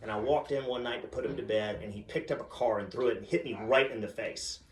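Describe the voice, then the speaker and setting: A man doing stand-up, telling family stories with deadpan punchlines. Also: lowish voice, fast talker, recorded from a distance, slight background noise. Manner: deadpan punchlines, acts out a chanting child. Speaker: stand-up comedian. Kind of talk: stand-up storytelling. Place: comedy club stage with audience. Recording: roomy stage sound, a bit off-mic.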